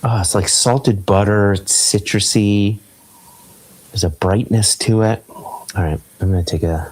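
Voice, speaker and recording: A man hosts a casual podcast chat over a video call, savoring and describing a whisky aloud. His voice sits very low. He talks at an unhurried, slow pace. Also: fairly even intonation, darkish tone, poor audio. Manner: easygoing, enthusing over flavors. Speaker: podcast host.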